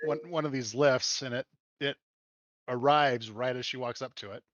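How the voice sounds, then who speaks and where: A man's voice: medium pitch, fairly even intonation, normal speed, a crowd in the background. A man narrating a tabletop role-playing game as game master, casual and rambling, often correcting himself mid-sentence. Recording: dull lo-fi sound.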